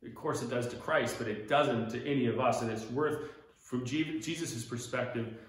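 A man's voice: medium pitch, normal speed. A man with an American accent leading a casual Bible study lesson in a church room, explaining as he points along a map, with frequent restarts. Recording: very echoey room.

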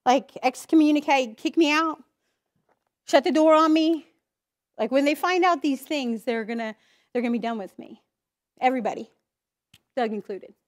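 High-voiced woman giving candid testimony. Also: normal speed, long pauses. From Idaho, US. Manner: candid, emotional storytelling with acted inner voices. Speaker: church speaker giving testimony. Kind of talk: personal testimony talk.

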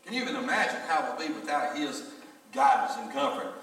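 A man's voice: fairly high pitch, animated, fast talker, fairly bright tone. A middle-aged man, a pastor telling folksy stories and speaking straight to his congregation. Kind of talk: sermon. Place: church sanctuary. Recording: echoey church hall from far off.

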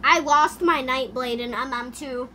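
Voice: high-pitched, unhurried, bright, forceful tone, slight background noise. A gaming YouTuber giving goofy, chatty commentary over gameplay, talking into a headset mic. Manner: chatty, goofy, makes sound effects.

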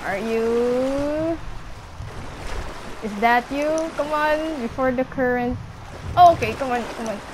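A young woman casually commenting on her gameplay, chatting to the animals on screen and squealing when excited. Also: high voice, normal speed, background noise. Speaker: gameplay streamer.

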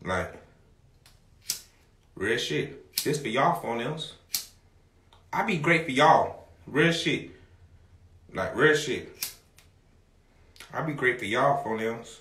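A man hosting a livestream, talking casually to his viewers in a loud, rambling, profane way and often shouting. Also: medium pitch, lively intonation, takes it slowly, long pauses, roomy sound.

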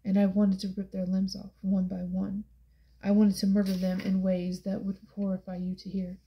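A woman reading a hushed brooding young man. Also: completely flat delivery, normal speed, dull audio, lightly acted. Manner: soft, hushed and low-key. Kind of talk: audiobook character voice.

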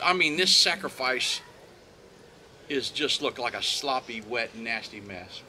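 A man's voice: medium pitch, bright, forceful tone, slight background noise. A man telling a Bible story with animation, acting out what the characters say, outdoors at the site of the story. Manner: acts out the quoted speakers, with frequent restarts.

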